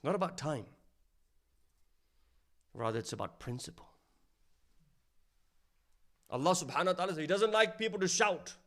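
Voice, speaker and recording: A man giving a sermon, telling a story and dropping to a hushed voice for its sad lines, then rising louder to stress his points. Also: sing-song, brisk, long pauses. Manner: storytelling, drops to a low hushed voice for sad quotes. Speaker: speaker at an Islamic centre.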